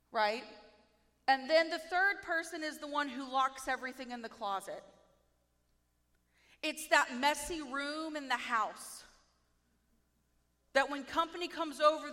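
A woman preaching a sermon in a playful, self-mocking, animated way. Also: high-pitched, long reverb tail.

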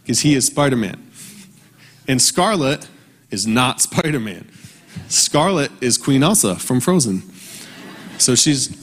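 A man in his thirties preaching a conversational, earnest sermon, slowing down for emphasis. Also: mid-range voice, animated, a bit bright. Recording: long reverb from a large hall.

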